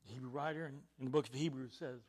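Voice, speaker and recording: A male preacher delivering a sermon, swinging from hushed, almost whispered lines to loud emphatic ones, repeating key words and asking his listeners questions. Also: mid-range voice, fairly even intonation, very fast.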